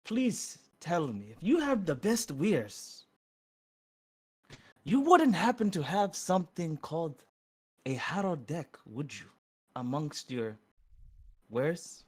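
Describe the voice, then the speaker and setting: Formal, courteous traveler with a put-on accent, lively pitch, a man doing the voice. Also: slow, pauses often, husky, exaggerated voice.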